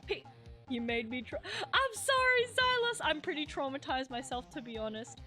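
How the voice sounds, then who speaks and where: A woman's voice: sits high, brisk, fairly bright tone, soft background music. A young woman streaming a game live, reading its dialogue aloud in a flustered, giggly way.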